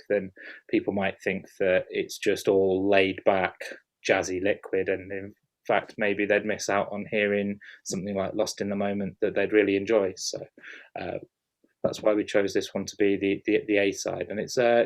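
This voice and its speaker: Brief: male producer, casual interviewer, low register, stop-start delivery. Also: little pitch movement, moderate pace. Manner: hesitant, many fillers and restarts.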